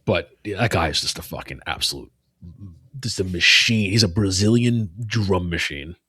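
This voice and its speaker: A man co-hosting a podcast in casual chat, rambling and swearing, often dropping to a low mutter. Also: moderate pace, pushed and bright, slightly rough, dry recording. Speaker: podcast co-host.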